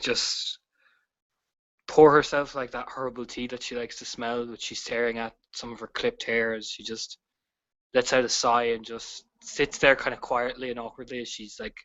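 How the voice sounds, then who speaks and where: Bright-voiced man narrating his game character. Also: medium pitch. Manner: hesitant, filler-heavy, with soft laughs. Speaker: tabletop game player. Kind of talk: describing his character's actions in a tabletop role-play game. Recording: dull lo-fi audio.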